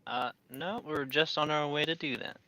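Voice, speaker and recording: A man's voice: fairly high pitch, fairly even intonation, normal speed, sharp tone. A man playing a tabletop role-play, talking casually and stumbling over his words. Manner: stammering, casual. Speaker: player.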